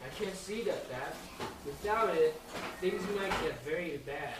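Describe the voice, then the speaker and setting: Casting: teen reader doing a curious little bear cub, slow, storybook, echoey far room. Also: mid-range voice, expressive, close to an everyday voice. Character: little bear cub asking his dad questions. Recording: echoey, distant, noisy.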